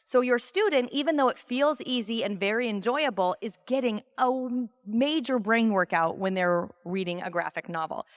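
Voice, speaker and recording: A woman's voice: on the high side, moderate pace, hardly any pauses, no echo, studio quality. A woman giving a talk to an audience in a friendly, informal way. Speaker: convention speaker.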